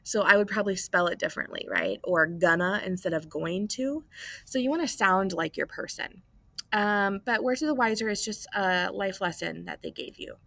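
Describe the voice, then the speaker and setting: A woman teacher walks students through a lesson at a computer mic, relaxed and explanatory. She keeps checking in with quick "okay?" and "right?" asides. Her voice is mid-pitched, and the sound is dry and close, with no room echo. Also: gravelly. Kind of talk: classroom lesson recording.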